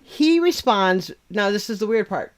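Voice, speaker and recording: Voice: mid-range voice, lively intonation, unhurried. A livestream host who chats casually and bluntly, swearing freely and laughing often.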